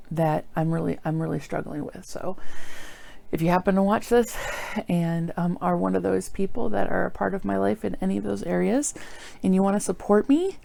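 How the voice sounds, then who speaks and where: Gravelly, earnest woman on a video diary. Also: lowish voice, warm tone. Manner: earnest, apologetic, emotional; rambling with many fillers. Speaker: vlogger.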